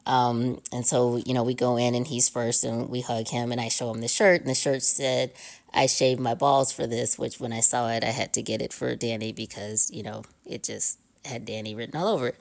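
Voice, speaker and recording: Low-voiced woman rambling through a fan recap. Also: fairly even intonation, normal speed, a little mellow. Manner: rambling, many ums and uhs. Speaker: fan sending in a recorded story. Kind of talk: casual voice-memo recap.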